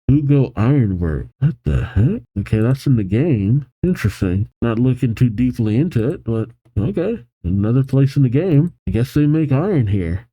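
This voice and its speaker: A man hosting a manga reaction, reading the panels aloud and commenting with animated excitement. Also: medium pitch, no room sound, rough recording. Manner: animated, reads character lines with excitement, laughs often.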